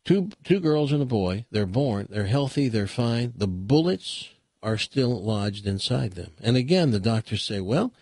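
A man's voice: fairly low pitch, a little slow, hardly any pauses, no echo, studio quality. A man hosting a radio show, chatting casually and telling a long joke with dramatic pacing. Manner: animated, dramatic storyteller.

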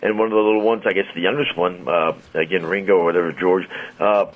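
A man's voice: sits low, steady tone, fast, phone-quality sound. A man co-hosting a radio show, telling a teasing anecdote in casual banter. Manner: storytelling, teasing, chuckling. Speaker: radio co-host.

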